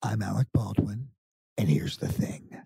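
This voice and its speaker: A man doing a hushed, velvety celebrity-host impression. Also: fairly even intonation, a little slow, no room sound, exaggerated voice. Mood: hushed, suave. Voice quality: low, breathy, near-whispered. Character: impression of a famous male actor hosting a radio-style podcast, hushed and velvety. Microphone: video call.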